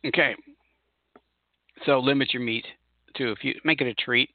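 A man's voice: medium pitch, fairly even intonation, moderate pace, no room sound. A middle-aged man hosting a podcast, talking casually in a rambling, chatty way that often corrects itself. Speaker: podcast host and spirit channeler. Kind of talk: casual solo podcast monologue. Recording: tinny phone-like sound.

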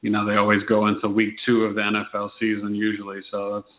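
A man co-hosting a casual sports talk show, animated and teasing as he riffs on the season. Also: on the low side, fast. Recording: phone-like tinny echoey sound.

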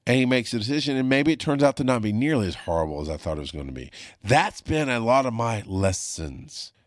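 A man's voice: mid-range voice, sing-song, a little fast, no room sound. A man, a paramedic hosting a podcast, speaking frankly and emphatically from his home studio and swearing freely. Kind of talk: candid podcast monologue. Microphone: studio mic on a video call.

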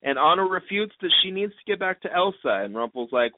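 A man's voice: high voice, animated, a little fast, hardly any pauses, no echo. A man co-hosting a podcast, chatty and playful as he recaps a TV episode at length. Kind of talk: casual podcast chat. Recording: tinny phone-like line with faint hiss.

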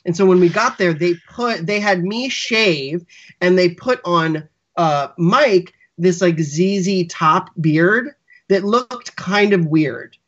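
A man's voice: high-pitched, lively intonation, takes it slowly, a bit bright. A man, a writer and actor, telling rambling anecdotes as a podcast guest with lots of restarts, on dull lo-fi audio. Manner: rambling storyteller, many restarts and fillers. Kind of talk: casual anecdote in podcast interview.

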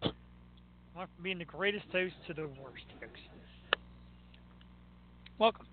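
A man's voice: high-pitched, slow pace, background noise. A man hosting a radio show, chatting casually in a joking, self-mocking way. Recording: tinny phone-like line.

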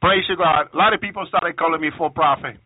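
A man's voice: fairly high pitch, no room sound, narrow, tinny audio. A man giving an emotional testimony sermon, often stopping to praise God and restarting his sentences. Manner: emotional, repeats praise phrases, halting restarts. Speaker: preacher on a radio program.

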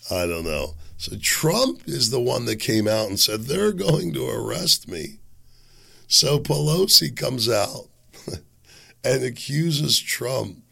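A man's voice: medium pitch, vocal fry, bright, forceful tone. A man hosting a political commentary show, talking in a rambling, sardonic way while sick. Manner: sardonic, rambling, chuckling asides. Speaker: podcast host.

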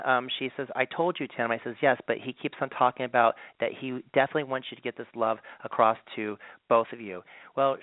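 A man's voice: mid-range voice, no echo. A man, a medium being interviewed, telling long stories in a rambling, casual way with many ums and restarts. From Southern California. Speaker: medium, guest. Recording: tinny phone-like line, dry.

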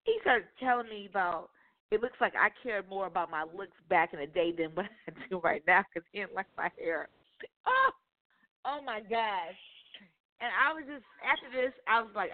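A woman's voice: mid-range voice, normal speed. Irritated woman on a phone line. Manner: profane, exasperated, animated retelling. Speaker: caller telling a dating story. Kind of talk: casual storytelling on talk radio.

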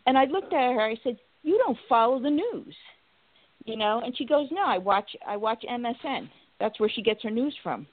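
A woman hosts a casual political talk show, stumbling through fillers and restarts before launching into animated stories. Her voice comes through a narrow, phone-like line with a dry, close sound. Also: fairly high pitch, dry recording. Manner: halting, many restarts and fillers; animated storytelling, acts out quotes.

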